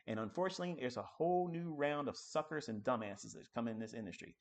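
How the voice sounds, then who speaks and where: A man teaching trading on a live stream, ranting in a profane, combative way, swinging between loud outbursts and low muttering. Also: very animated, a little fast, few pauses.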